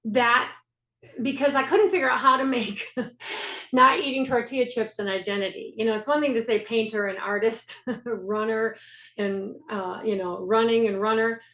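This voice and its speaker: A woman's voice: a little high, fairly even intonation, normal speed, fairly bright tone. A woman leading a faith-based health coaching group on a video call, earnest, repeating key phrases and laughing at herself. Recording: echoey room.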